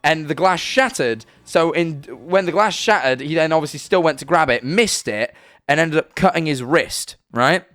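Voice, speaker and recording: A man's voice: a little high, lively intonation, moderate pace, a bit bright, no room sound. A young British man streaming, chatting casually and emphatically, swearing and tagging "right?" onto his sentences. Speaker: streamer reacting to videos and chat. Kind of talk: casual live-stream chat.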